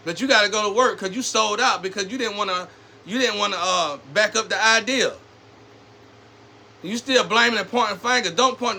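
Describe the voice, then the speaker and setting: A man's voice: sits high, fairly quick, bright, forceful tone. A man talking straight to camera in a loose, rambling monologue full of street slang, swinging from preachy scolding to personal storytelling.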